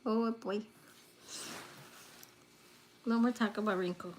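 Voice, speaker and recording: A woman's voice: medium pitch, steady tone, slow. A woman hosting a casual livestream, chatting with viewers in a teasing, playful way, laughing often, recorded on a phone lying on a table. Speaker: livestream host.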